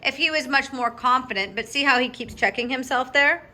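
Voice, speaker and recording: A woman dog trainer talks a student through a training lesson, brisk and directive, checking in often. Her voice sits a little high and sounds clear and bright. She breaks into lively, high praise for the dog now and then. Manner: upbeat, directive, frequent check-in "okay?". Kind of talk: coaching a student during a live lesson.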